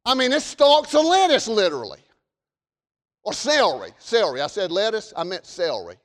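Southern man preaching, very high voice, fervent, long church echo. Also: huge pitch swings, a little fast. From American South. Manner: fervent, shouts warnings then drops to folksy storytelling. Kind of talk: sermon.

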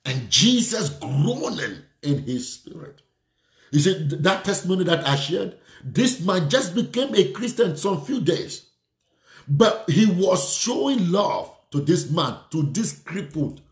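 Man, preacher, fervent sermon, slow deliberate delivery, fairly high voice, echoey room. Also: very animated. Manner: fervent, repetitive declarations and prayer.

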